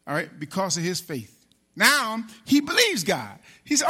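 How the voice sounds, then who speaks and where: A man preaching with a high, lively voice that leaps up and down as he drives his points home. His tone is sharp and piercing, and he calls out to the congregation for answers, slipping into the voices of the figures he quotes. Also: measured pace, slightly rough. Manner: animated preaching with call-and-response; acts out biblical figures in quoted speech. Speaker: pastor. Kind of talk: sermon.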